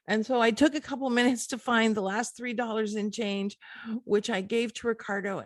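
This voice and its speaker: A woman's voice: on the high side, fairly even intonation, normal speed, dry recording. A middle-aged woman hosting a motivational podcast, talking earnestly and encouragingly straight to the listener. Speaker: podcast host.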